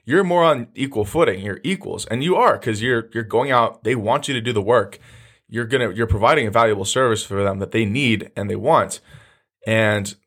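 A man's voice: on the low side, normal speed, a bit bright. Blunt, profane young man ranting. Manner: loose, with many restarts. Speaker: podcast host. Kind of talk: casual monologue.

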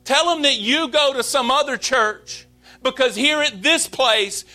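High-voiced, earnest pastor preaching slowly. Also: male voice, sharp tone. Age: 30s. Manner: earnest, confessional, slow and emphatic. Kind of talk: sermon.

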